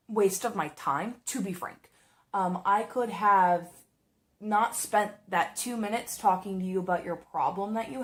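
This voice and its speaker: A woman telling a work story while doing her makeup, chatty and exasperated, acting out the dialogue. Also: lowish voice. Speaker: makeup vlogger.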